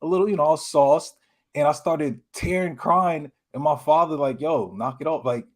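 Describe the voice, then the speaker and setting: A man's voice: on the high side, moderate pace. A man on a podcast panel candidly telling a personal story in casual slang. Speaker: panel guest. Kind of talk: casual storytelling in group chat.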